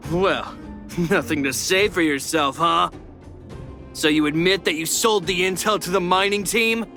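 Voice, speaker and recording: An actor voicing a taunting young miner who leads a gang of bullies in a game. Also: male voice, high-pitched, unhurried, bright, forceful tone, soft background music, heavily acted. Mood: accusing. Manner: taunting, sneering. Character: mocking young male miner, a bullying ringleader. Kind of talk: game voice acting.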